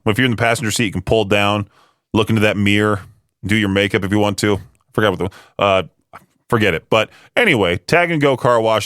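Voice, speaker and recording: A man's voice: on the low side, a bit bright, clean tone, no echo. A man, hosting a radio show in a chatty, rambling, self-amused way. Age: late 20s. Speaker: radio host. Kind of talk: casual radio talk. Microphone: studio microphone. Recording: dry close studio sound.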